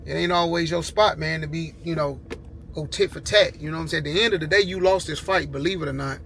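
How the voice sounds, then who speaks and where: A man's voice: on the high side, fast talker, fairly bright tone, slight background noise. A man talking in a laid-back, rambling way for his car vlog, outdoors with dogs barking behind him. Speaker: car vlogger. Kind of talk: casual vlog talk.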